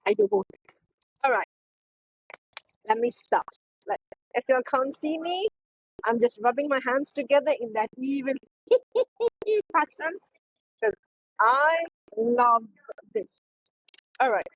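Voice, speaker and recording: Woman, 50s, podcast co-host, high voice, sarcastic animated rant, dry muffled sound. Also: slow pace, pauses often, slight background noise. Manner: animated ranting, mocking voices. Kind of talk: casual opinionated chat.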